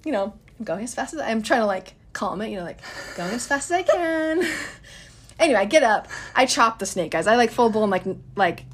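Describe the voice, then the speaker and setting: A woman's voice: on the high side, lively intonation, brisk. A woman in her thirties telling a story in a casual, chatty way, addressing listeners as guys.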